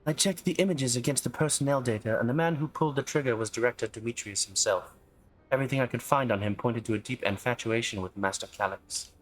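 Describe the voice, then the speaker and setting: A man reading a game's dialogue aloud, voicing an earnest young woman investigator in a measured way. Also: mid-range voice, close to an everyday voice. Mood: grave. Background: faint game music.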